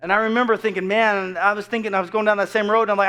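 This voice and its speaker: A pastor delivering an earnest, animated sermon, stumbling over restarts and repeated words, and dropping to a hush for quoted whispers. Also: male voice, high voice, racing, hardly any pauses, clean tone.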